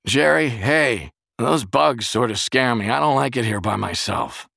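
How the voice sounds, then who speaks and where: A male narrator voicing a timid, slow-witted young man who talks in a slow, whiny, pleading way. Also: low voice, animated, vocal fry, a bit bright, slightly rough, no echo, studio quality, exaggerated voice. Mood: scared.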